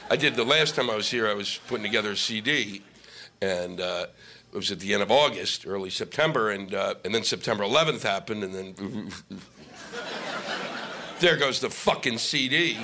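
A man's voice: on the low side, expressive, normal speed, bright, forceful tone, slight background noise. A male stand-up comic doing a profane, ranting set on stage into a microphone. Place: comedy stage with audience laughing.

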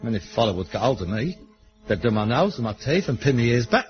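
An actor playing a touchy, pompous, working-class would-be actor, middle-aged, in a sitcom. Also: male voice, mid-range voice, big pitch swings, fast talker, lo-fi sound, faint music behind, close to an everyday voice. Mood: dreamy boastful. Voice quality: boastful, indignant. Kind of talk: sitcom acting.

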